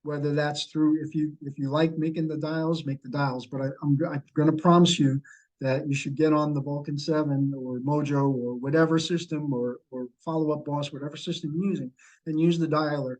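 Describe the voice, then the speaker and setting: A man's voice: fairly high pitch, fairly even intonation, fairly quick, a little mellow, low-quality recording. A middle-aged man leading a sales training session over a video call, coaching and repeating key points. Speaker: real estate sales trainer.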